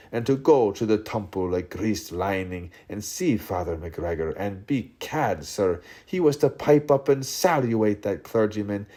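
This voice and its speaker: Slow, low-voiced man reading theatrically. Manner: theatrical, shifts pitch and loudness between quoted speakers. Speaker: audiobook reader. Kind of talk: literary audiobook reading.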